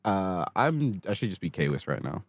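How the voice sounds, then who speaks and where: Deep-voiced, easygoing coach on a call. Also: male voice, very animated, moderate pace, no room sound. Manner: easygoing, hesitant, many fillers. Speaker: fighting game coach.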